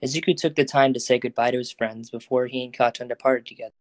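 Even-toned male storyteller. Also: medium pitch, fast talker, dry recording. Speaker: narrator. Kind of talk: scripted narration of a fan audio drama.

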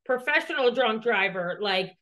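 Her voice sits on the high side, animated and pushed bright, at a normal speed. As a podcast co-host she tells a personal story, rambling and cursing, with "like" in nearly every line.

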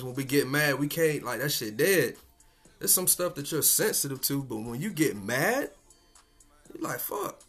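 A man's voice: medium pitch, fairly bright tone. Laid-back slangy man podcasting. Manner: laid-back, slangy and profane, chuckling often. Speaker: podcast host. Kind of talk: casual solo podcast monologue.

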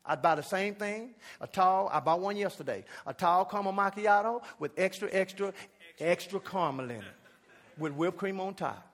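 A man pastor telling a comic story in a sermon, animated and shouting at the high points. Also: normal speed.

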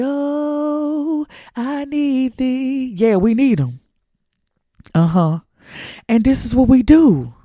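A man's voice: high voice, mellow, dry recording, studio quality. A man hosting a podcast, preaching a monologue in an emphatic, colloquial, repetitive cadence. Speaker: podcast host.

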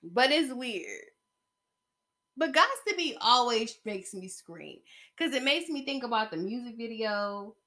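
A woman's voice: a little high, a little slow. Chatty woman podcast host. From Atlanta area. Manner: chatty, animated storytelling with bursts of excitement. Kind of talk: casual solo podcast chat.

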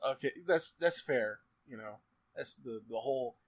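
A man's voice: medium pitch, normal speed. A man co-hosting a podcast, rambling and joking with fillers and laughter. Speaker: podcast co-host. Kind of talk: casual podcast banter.

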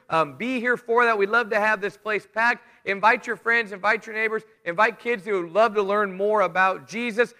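A middle-aged man giving a church sermon with announcements, talking conversationally and telling stories with animated asides. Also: high voice. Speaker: preacher. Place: church sanctuary. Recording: reverberant church hall.

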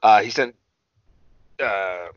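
A man's voice: fairly low pitch, takes it slowly, dry recording, muffled recording. A man chatting casually as a co-host, rambling with lots of fillers, restarts and swearing. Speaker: podcast co-host recapping wrestling. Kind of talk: casual chat.

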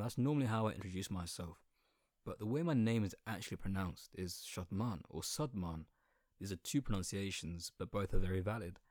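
A man's voice: lowish voice, a little mellow, no room sound, clean studio sound. A young man from England with an English accent, whose first language was Sylheti Bengali, talking candidly in a casual, conversational monologue and swearing now and then. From Colchester, England. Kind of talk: personal reflective monologue.

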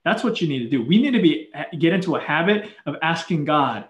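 A man's voice: a little high, animated, brisk, echoey room, highs cut off. A man preaching a sermon in a casual, conversational way, full of fillers and restarts.

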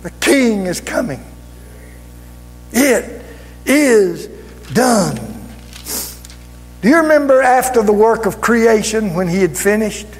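A man preaching a sermon fervently, drawing out key words and rising to shouts. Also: high-pitched, moderate pace, hardly any pauses. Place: church sanctuary. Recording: reverberant church hall with music.

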